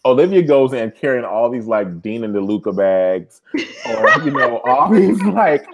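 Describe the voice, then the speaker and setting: A man co-hosting a casual recap show, joking and quick to laugh. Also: mid-range voice, lo-fi sound. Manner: animated, joking, breaks into laughter. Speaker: podcast co-host.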